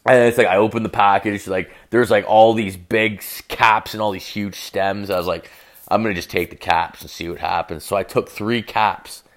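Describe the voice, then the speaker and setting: A man's voice: on the low side, steady tone, moderate pace. A young man telling a story in a casual, rambling monologue, swearing constantly and saying "like" all the time. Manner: profane, rambling, heavy use of filler "like". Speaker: podcast host.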